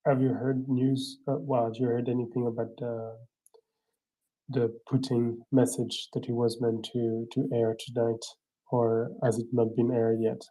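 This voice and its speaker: A man's voice: mid-range voice, monotone, a little slow, mellow, poor audio. A man moderating a casual online audio room, joking in a dry way.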